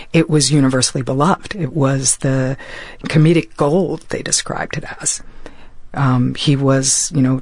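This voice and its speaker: A woman being interviewed, speaking thoughtfully and slowing down as she searches for the right words. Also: rumbling low, a little mellow, dry recording. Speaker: interview guest. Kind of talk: reflective conversation.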